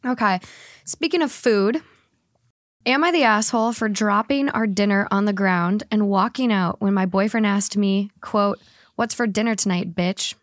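Podcast host, animated and laughing. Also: female voice, mid-range voice, no room sound, studio quality. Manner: animated, laughs often, reads quickly. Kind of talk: casual podcast chat, reading a story aloud.

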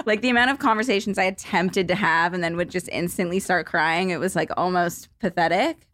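A woman's voice: on the low side, a little fast, a bit bright. A woman hosting a podcast, chatting casually and laughing easily. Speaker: podcast host and vlogger.

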